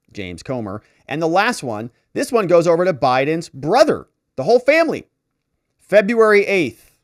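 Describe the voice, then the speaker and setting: In a mid-range voice, a man who comments on law mocks letters he reads out, sarcastically adopting voices as he paraphrases them. It's casual legal commentary, recorded at studio quality without echo.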